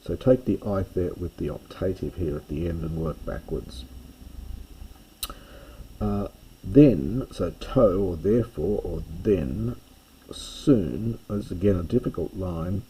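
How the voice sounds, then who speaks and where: A man with a very low, dark voice works through a classical text, unhurried and patient. His tone is husky, and he pauses over words, leaning on each translation. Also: low-quality recording. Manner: thoughtful, pauses with fillers, stresses translations. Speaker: classics teacher reading Homer. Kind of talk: slow line-by-line Greek lesson.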